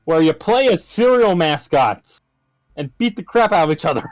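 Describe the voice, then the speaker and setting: A man's voice: on the high side, big pitch swings, moderate pace, a crowd in the background. A man chatting casually as a player after a tabletop game, earnest and telling stories. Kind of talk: casual chat.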